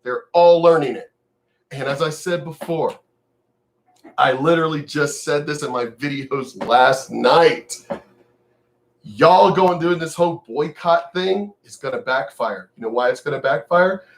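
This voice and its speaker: A man's voice: on the high side, measured pace. An older, retired man who vlogs, ranting to camera in a profane, sneering, mocking way. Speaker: vlogger. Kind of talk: angry direct-to-camera rant.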